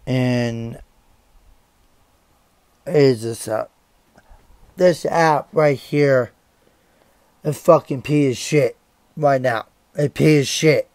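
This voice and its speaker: A man's voice: mid-range voice, drawn-out words, long pauses, darkish tone, no echo. An angry young man ranting to the camera as a vlogger. He swears often, stops mid-sentence and repeats himself. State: angry and upset.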